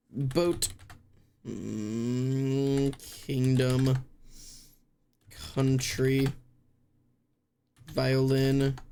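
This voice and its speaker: Slow-talking streamer thinking aloud. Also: medium pitch, a little mellow, slight background noise. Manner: thinks aloud, spells words out letter by letter, self-mocking. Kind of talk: casual live-stream commentary while playing a word game.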